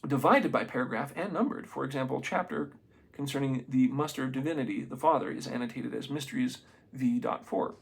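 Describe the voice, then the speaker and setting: Gravelly-voiced man reading aloud casually. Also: a little high. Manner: reads haltingly, stumbles on names, adds excited asides. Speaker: amateur reader of a book.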